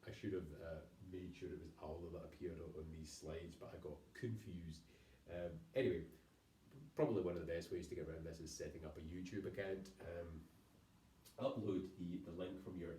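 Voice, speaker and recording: A low-voiced man talks through a university lecture in a loose, rambling way, stopping to correct himself and drop dry jokes. His tone is dark and mellow, and he sounds set back from the mic in an echoey room. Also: far from the mic, a little hiss or hum. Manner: rambling, self-interrupting, wry asides. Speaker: university lecturer, program leader. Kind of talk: recorded lecture. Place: room by a town hall.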